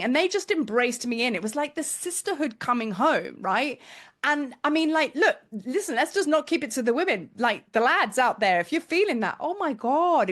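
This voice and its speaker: Chatty storytelling woman, fairly high voice. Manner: chatty, emotional, animated quoting of herself. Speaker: spiritual teacher and tour leader. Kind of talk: casual storytelling to camera.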